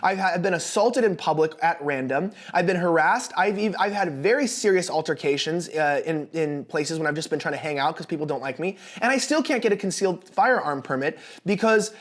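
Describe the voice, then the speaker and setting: A young man hosting a casual political commentary monologue, speaking in a notably high voice. He sounds animated and sarcastic, often stumbling and restarting his sentences. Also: fairly quick, few pauses. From United States.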